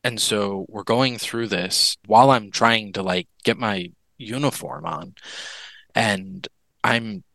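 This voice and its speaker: A man who is a guest on an interview podcast, telling a personal story in an earnest, candid way with halting restarts. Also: on the low side, gravelly, a bit bright, dry recording, rough recording.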